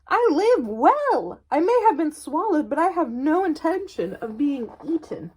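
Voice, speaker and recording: A woman's voice: sits high, big pitch swings, measured pace, darkish tone, slight background noise, pitched above the performer's own voice. Woman doing a grand, smug storybook duck. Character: calm, smug male duck living in a wolf. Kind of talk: reading a picture book aloud.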